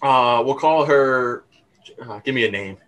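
A man's voice: mid-range voice, a bit bright, poor audio. Young male host, twenties, casual reminiscing, fillers, easy laughter. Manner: halting, many fillers, laughs easily. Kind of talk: casual chat.

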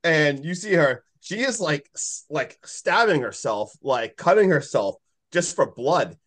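A man's voice: fairly high pitch, expressive, a little slow, fairly bright tone. A man co-hosting a casual movie podcast, retelling scenes with lots of "like" and acting out characters' lines. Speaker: podcast co-host. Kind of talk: casual movie recap chat.

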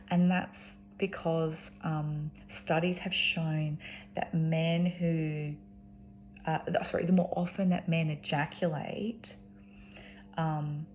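A woman's voice: sits low, little pitch movement, takes it slowly, darkish tone. An Australian woman talking casually and rambling, with lots of ums and restarts. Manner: frequent ums and restarts, chatty. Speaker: vlogger.

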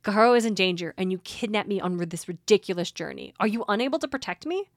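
A woman's voice: medium pitch, lively intonation, fast talker, no room sound, close to an everyday voice. Woman reading teenage boy hero, urgent, pleading, dry close sound. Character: teenage boy hero confronting his dragon.

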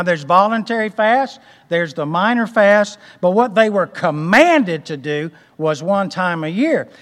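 A man's voice: sits high, fairly bright tone, big-room sound. A man preaching a folksy sermon, restarting phrases and asking the congregation for an amen. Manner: folksy, repeats words and restarts, asks amen. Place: church.

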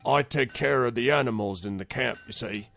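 A wary male animal keeper from a camp, slow and suspicious as he questions strangers, voiced by a man. He speaks in a gravelly, middle-pitched voice with faint music behind. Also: a bit bright. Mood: matter-of-fact.

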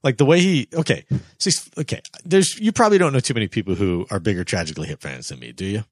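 Husky, lively-voiced ranting podcast man. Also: fairly low pitch, fast, no room sound, clean studio sound. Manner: animated, profane ranting with mocking impressions. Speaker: podcast co-host. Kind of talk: casual podcast banter.

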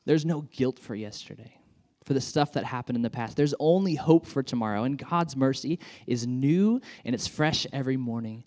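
A male pastor preaching with warm enthusiasm, chatty and informal, dotting his talk with ums and uhs. His voice sits at an ordinary middle pitch. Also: normal speed. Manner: enthusiastic, conversational with many fillers. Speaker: children's pastor. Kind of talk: sermon.

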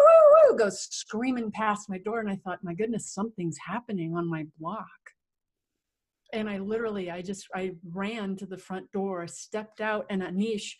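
Middle-aged woman, interview guest; vivid, animated storyteller who acts out sounds and voices, medium pitch. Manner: vivid, animated telling with acted-out sounds and quotes. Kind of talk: personal storytelling in conversation.

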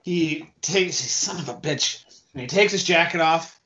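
A man's voice: fairly high pitch, measured pace, pushed and bright. A man playing a tabletop game, rambling and trailing off. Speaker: player. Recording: dull lo-fi recording.

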